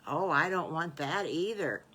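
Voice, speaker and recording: A woman's voice: deep voice, expressive, unhurried, a bit bright, husky, heavily acted. An older woman voicing a sweet, timid little boy wolf who stammers and hesitates. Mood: earnest. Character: young male wolf cub, timid and sweet.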